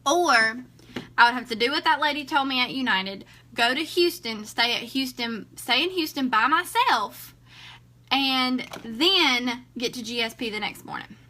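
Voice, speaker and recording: A woman's voice: high-pitched, measured pace, slight background noise. A woman, a vlogger telling a story casually to her viewers and acting out the dialogue. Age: 20s. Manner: chatty, animated, acts out dialogue.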